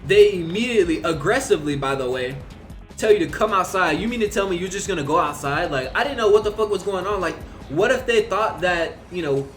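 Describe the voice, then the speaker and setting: High-voiced man telling a rambling story. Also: expressive, a little fast, a bit bright, soft background music. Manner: rambling, full of fillers and swearing. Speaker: vlogger. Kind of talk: casual storytelling.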